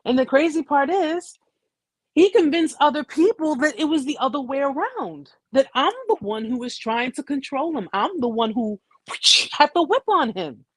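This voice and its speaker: A woman's voice: high voice, animated, moderate pace, no room sound. An American woman hosting a live chat, telling her story in a casual, blunt way with slang and frequent restarts. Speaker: host.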